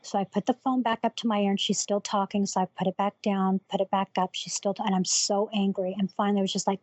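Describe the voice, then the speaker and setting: A woman's voice: medium pitch, level tone, fast talker, few pauses, darkish tone, dry recording. A woman guest on a podcast, candidly retelling a personal family story and acting out the dialogue as she goes. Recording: dry, dull lo-fi sound.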